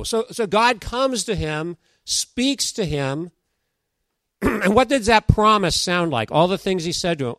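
A middle-aged man delivers a sermon in a relaxed, conversational way, reading scripture aloud and joking with his listeners. His voice sits a little high for a man. The sound is close and dry. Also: takes it slowly, no echo. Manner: chatty, jokes with the congregation, reads scripture aloud. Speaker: pastor.

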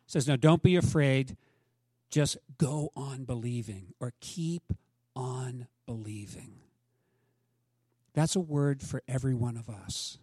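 A man preaching a sermon as a pastor, dramatically acting out the people in the story and swinging from loud urging to hushed, near-whispered lines. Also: on the high side, no room sound, studio quality. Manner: dramatic, acts out voices of the story.

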